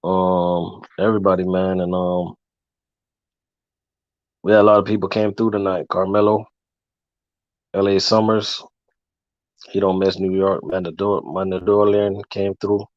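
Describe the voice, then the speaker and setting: A man hosting a casual livestream, talking loosely with fillers and giving long shout-outs. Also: deep voice, level tone, unhurried, long pauses, no room sound. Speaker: livestream host. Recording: dull, lo-fi dry sound.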